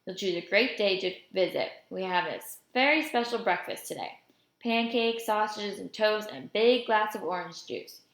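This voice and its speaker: A caring mother figure with a quick scolding streak, read by a woman. She fusses over a thin boy and chides her joking father. The voice has a roomy ring around it. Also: mid-range voice, a bit bright, lightly acted. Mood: tender. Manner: fussing, indignant, then tender. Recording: roomy echo.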